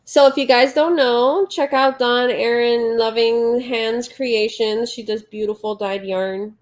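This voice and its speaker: A woman's voice: fairly high pitch, fairly even intonation, unhurried. A woman hosting a casual late-night livestream, counting her crochet stitches under her breath and chatting as she reads out viewer comments. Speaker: livestream host. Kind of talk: casual live chat while crocheting.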